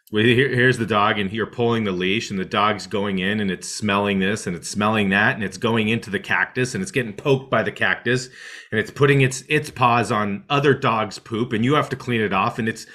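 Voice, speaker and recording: A man with a fairly low but bright, forceful voice explains meditation to listeners. He talks in an animated way, jumping up in pitch to act out the thoughts running through someone's head, and keeps checking in with a quick "right?". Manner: animated, acts out inner voices with rising pitch; repeats "right?" often. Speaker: meditation teacher.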